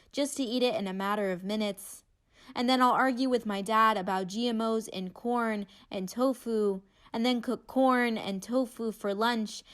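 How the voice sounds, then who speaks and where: Young woman doing spoken word, kinda high voice, wry and chatty. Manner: candid, wry, conversational. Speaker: student poet.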